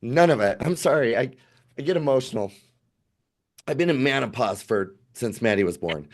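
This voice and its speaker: A man in his fifties, a podcast guest telling a family travel story in a casual, animated way, acting out what people said. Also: mid-range voice, moderate pace. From United States. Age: 50s.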